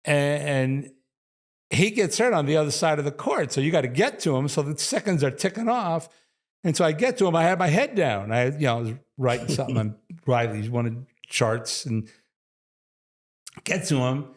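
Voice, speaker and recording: An older New Yorker who once worked as an athletic trainer tells stories in a casual interview, speaking at a fairly high pitch and normal speed. He's an animated storyteller who laughs often mid-sentence.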